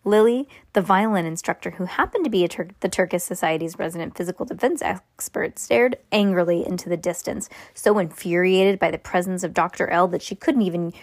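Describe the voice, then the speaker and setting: A woman's voice: lowish voice, normal speed, no echo. Woman, casual read-aloud of a novel to a kid, asides and restarts, dry close sound. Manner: reads with asides, restarts and laughs. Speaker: parent reading aloud to a child.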